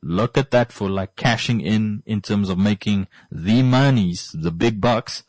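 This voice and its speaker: A man's voice: on the low side, unhurried, a little mellow, no echo. A man hosting a casual monologue, rambling and repeating points for emphasis. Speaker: podcast host.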